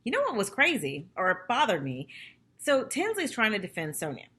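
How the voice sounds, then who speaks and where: A young woman vlogger chatting casually about a reality show episode, gossipy and animated, acting out what people said. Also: medium pitch, moderate pace, slightly rough. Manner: animated, gossipy, acts out quotes.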